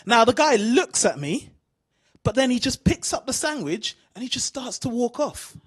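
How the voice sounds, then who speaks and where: A man from the UK doing an animated stand-up routine, asking the crowd questions. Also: extremely high pitch, normal speed, breathy edge. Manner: animated storytelling, asks the crowd. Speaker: stand-up comedian.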